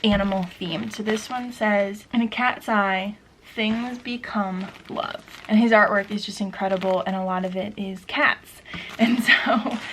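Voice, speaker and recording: A woman's voice: medium pitch, fairly bright tone, a little hiss or hum, poor audio. Bubbly young woman vlogging. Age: young adult. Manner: bubbly and chatty, laughs often. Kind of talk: casual vlog chat.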